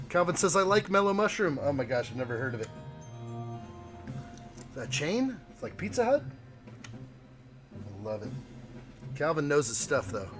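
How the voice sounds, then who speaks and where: A man hosting a casual live stream, joking around and reading viewer chat aloud. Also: mid-range voice. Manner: playful, jokey, reads chat aloud.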